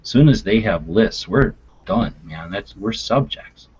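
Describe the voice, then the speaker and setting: A man's voice: fairly low pitch, animated, unhurried, a little mellow, breathy edge. A man in a casual chat, ranting earnestly. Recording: lo-fi online voice chat.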